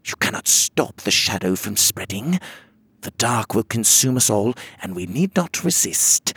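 A man's voice: fairly low pitch, very animated, measured pace, a bit bright, slightly rough, no echo, full character voice. A man voicing a cold, scornful fairy queen who speaks with menace.

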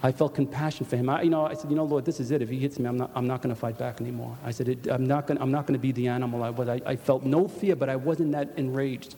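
A man's voice: mid-range voice, steady tone, fast talker, few pauses, dark tone. An older man with a New York accent giving an earnest spoken testimony to a congregation, full of restarts. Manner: earnest storytelling with repeated restarts. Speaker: church member giving testimony. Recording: long church hall reverb.

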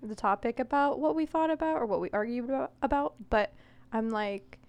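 A young woman with a slightly high voice, talking in a loose, giggly way as she co-hosts a podcast. She pokes fun at herself and laughs easily through casual chat. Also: fairly quick, a little mellow, no room sound. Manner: chatty and giggly, self-deprecating. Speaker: podcast co-host.

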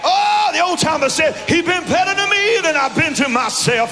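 A man preaching a fiery sermon as a guest preacher, shouting with call-and-response to the congregation. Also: extremely high pitch, expressive, moderate pace. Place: large church hall. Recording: long church reverb with music.

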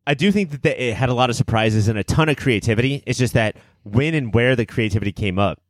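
Male podcast host, swingy animated delivery, dry close sound, rowdy and theatrical. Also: medium pitch, fast talker, no echo. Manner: boisterous, theatrical, swears freely. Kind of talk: casual movie podcast chat.

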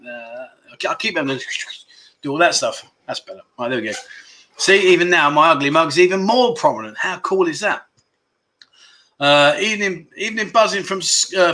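A man's voice: fairly high pitch, bright, forceful tone. A man hosting a casual livestream, reading viewer comments aloud and joking about himself. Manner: chatty, jokey, self-deprecating, reads comments aloud. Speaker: livestream host. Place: home livestream setup.

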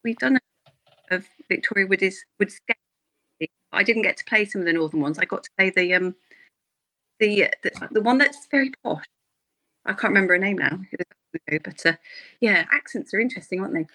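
A woman's voice: mid-range voice, expressive, brisk, pauses often, sharp tone, no room sound, rough recording. A woman, an actress guest in a casual podcast interview, chatting freely, laughing often and trailing off mid-sentence.

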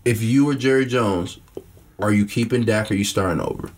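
A man co-hosting a casual sports chat, animated and joking, with loose slangy phrasing. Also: lowish voice, fairly quick. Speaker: podcast co-host.

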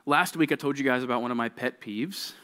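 A young man preaching to junior high kids as youth pastor, telling a childhood story in a casual, conversational way and often checking in with his listeners. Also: brisk, pushed and bright.

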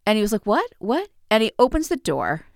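A woman hosting a podcast, telling personal stories in a calm, wry, self-deprecating way with soft laughs, close on a mic. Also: mid-range voice, fast, vocal fry, smooth, no echo. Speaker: podcast host. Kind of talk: casual personal storytelling.

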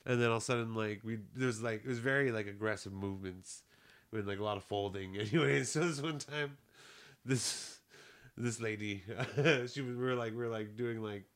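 A man's voice: fairly low pitch, normal speed, a bit bright. A man co-hosting a podcast in casual chat, telling stories full of "like" and laughing often. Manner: laughing storyteller, lots of "like" fillers, swearing. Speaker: podcast co-host.

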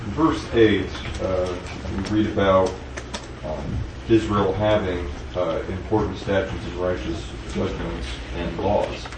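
A man's voice: deep voice, level tone, slow. A man in a Bible class offering a hesitant comment with many fillers. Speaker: class member. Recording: echoey room, far mic, noisy.

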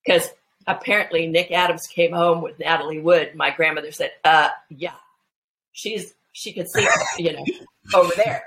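A woman guest telling family anecdotes in a casual, animated way, full of restarts and fillers. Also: lowish voice, moderate pace, creaky, rough recording. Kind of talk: casual storytelling chat.

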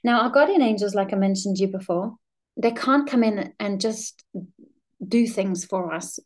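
A woman, a law of attraction coach telling personal stories in an earnest, gentle way on a spiritual podcast. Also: mid-range voice, moderate pace.

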